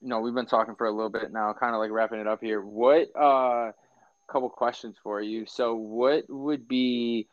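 A man's voice: mid-range voice, steady tone, moderate pace, dry recording, lo-fi sound. A young man hosting a casual chat, telling rambling stories with slang and frequent laughs. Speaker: podcast host.

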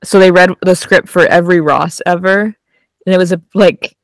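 A woman's voice: fairly low pitch, steady tone, moderate pace, no room sound, clean studio sound. A woman co-hosting a podcast in casual chat, rambling with many ums and likes. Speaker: podcast co-host.

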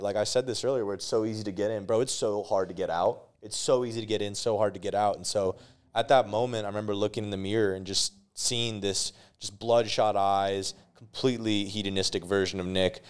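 A man's voice: fairly low pitch, fairly even intonation, brisk, clear, resonant tone. A young man, a podcast guest, telling a candid personal story in casual talk, swearing freely and restarting his sentences.

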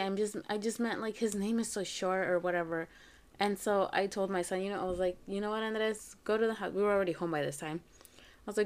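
A woman's voice: medium pitch, fairly even intonation, fast. A woman in her thirties hosting a podcast, telling a personal family story in a chatty way, full of fillers, acting out the dialogue of her children. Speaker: podcast host. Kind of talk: casual storytelling monologue.

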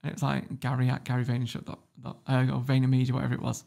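The guest here, an entrepreneur, tells a podcast story very fast in a completely flat, gravelly, dark voice of medium pitch. It's casual storytelling, blunt and full of swearing, with him laughing as he goes.

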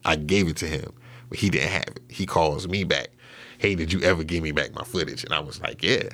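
With a bass voice that's a bit bright, this interview guest speaks briskly. His story comes out loose and profane, with many fillers and restarts along the way.

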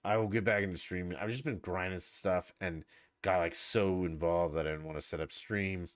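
A man's voice: low-pitched, steady tone, fairly quick, no echo, clean studio sound. A man hosting a podcast in a casual, combative political rant, swearing a lot and sarcastically mocking his opponents. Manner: profane and combative, heavy swearing; sarcastic, mocks opponents with put-on voices. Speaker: podcast host.

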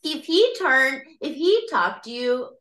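A woman's voice: sits high, sing-song, takes it slowly, a bit bright, reverberant. A woman co-hosting a podcast, chatting in a gushing, giggly way. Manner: giggly, gushing, breaks into impressions. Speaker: podcast co-host. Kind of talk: casual chat.

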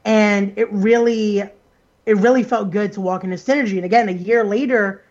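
A man's voice: sits high, fairly even intonation, moderate pace, darkish tone, lo-fi sound. A man co-hosting a wrestling podcast, speaking in a reflective, heartfelt way. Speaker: podcast co-host. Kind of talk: casual podcast chat.

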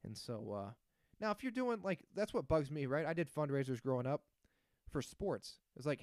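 A man's voice: a little high, animated, moderate pace, darkish tone, no echo, studio quality. A man in his thirties hosting a solo podcast, ranting in a sarcastic, crude, casual way. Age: 30s. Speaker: podcast host.

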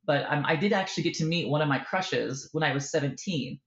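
A woman author in a casual interview, telling a lively story and acting out the voices in it. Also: sits low, a little fast, reverberant, lo-fi sound. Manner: animated storyteller, acts out quoted voices. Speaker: author guest.

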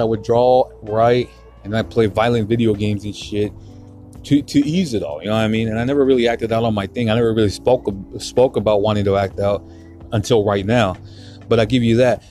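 A young man with a lowish voice, cursing as he speaks on his podcast, repeating words and struggling to hold himself together. Quiet music plays faintly under him. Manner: profane, emotional, getting choked up; heavy swearing, repeats himself. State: close to tears. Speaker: podcast host. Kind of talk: solo podcast monologue.

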